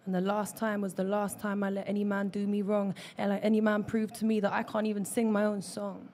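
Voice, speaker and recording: A woman's voice: medium pitch, completely flat delivery, a little fast, a little mellow, slight background noise. A young woman from London with a London accent, performing rhythmic rhyming spoken word poetry into a stage microphone at an open mic. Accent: London English. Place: open mic venue, indoors.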